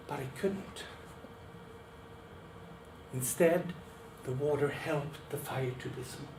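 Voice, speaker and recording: A man telling a folk tale as a speech to a club meeting, dramatic and expressive. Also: mid-range voice, takes it slowly, pauses often. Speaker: club speaker. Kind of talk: storytelling speech. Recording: roomy, distant, faint background noise.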